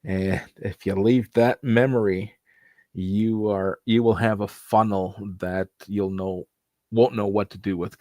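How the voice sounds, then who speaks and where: A man with a lowish voice co-hosts a casual chat, giving upbeat sales advice. The sound is dry and close. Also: darkish tone, no echo. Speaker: co-host.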